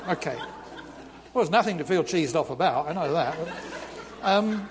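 A British man preaching a sermon in a church, reading scripture with lively, humorous asides. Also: fairly high pitch, moderate pace, big-room sound, a little hiss or hum. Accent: British English. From Britain.

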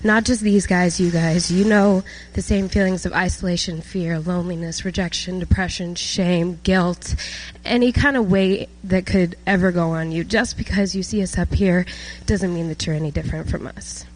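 A woman's voice: fairly low pitch, fairly even intonation, normal speed, poor audio. A nineteen-year-old woman from South Georgia giving an emotional personal testimony at a church service, with many fillers. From South Georgia, USA.

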